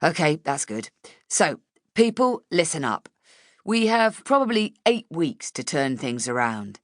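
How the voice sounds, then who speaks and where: A woman voicing an impatient male newspaper editor in an audiobook, brisk and businesslike. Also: deep voice, sing-song, no room sound, studio quality.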